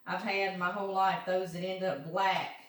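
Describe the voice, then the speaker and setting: A chatty Southern woman from Louisiana talks straight to her viewers while she cooks. Her voice comes from a distance in an echoey home kitchen, with clear background noise around her. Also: fairly low pitch, level tone, moderate pace. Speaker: home cooking vlogger. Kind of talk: casual kitchen chat. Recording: roomy kitchen, mic at a distance, noisy.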